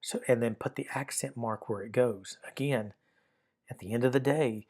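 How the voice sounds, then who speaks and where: A middle-aged man teaching a grammar lesson in a patient, repetitive way, often restarting his sentences and filling pauses with "uh". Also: mid-range voice, darkish tone. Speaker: Greek teacher. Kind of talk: recorded lesson explaining grammar.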